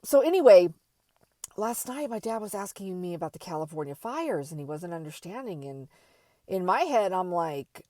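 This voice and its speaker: A middle-aged woman telling a candid personal story in a rambling, animated way, with many fillers and restarts. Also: fairly low pitch, moderate pace, dry recording, studio quality. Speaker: vlogger.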